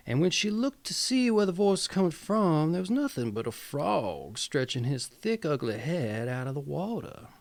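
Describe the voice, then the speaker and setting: A man's voice: on the high side, very animated, normal speed, creaky, few pauses. A man with a Southern accent reading a fairy tale aloud in a playful, goofy style, with chatty asides. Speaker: storyteller.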